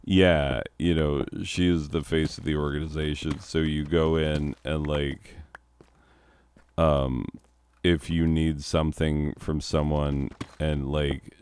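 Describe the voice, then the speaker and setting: A man's voice: very deep voice, flat delivery, unhurried, darkish tone, slight background noise. A man, a teacher, chatting casually and rambling sarcastically while he plays a game, chuckling now and then.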